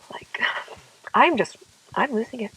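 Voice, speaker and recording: A woman's voice: on the high side, animated, slow, fairly bright tone, slightly rough, rough recording. A young woman singer telling a personal story in a dramatic, exasperated way, often saying "like" and "okay?". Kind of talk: confessional storytelling vlog.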